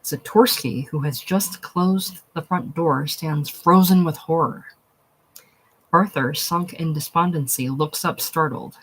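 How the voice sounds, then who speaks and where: Husky reader doing a play out loud, stage directions, plain. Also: mid-range voice, slow pace, poor audio. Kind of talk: reading a play aloud.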